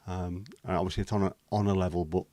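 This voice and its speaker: A man's voice: low-pitched, little pitch movement, fast talker, dark tone, no echo. A man, hosting a casual livestream chat, bantering with viewers and swearing casually. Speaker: livestream host.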